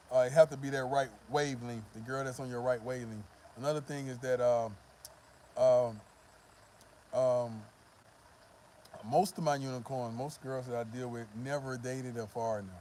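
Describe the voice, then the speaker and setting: A man rants in a loose, streetwise vlog monologue, blunt and full of profanity. His voice sits in a mid register with a warm, mellow tone. Faint traffic hums in the background. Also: mid-range voice. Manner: blunt and profane, repeats "you know what I mean". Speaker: vlogger giving dating advice. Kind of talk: casual monologue.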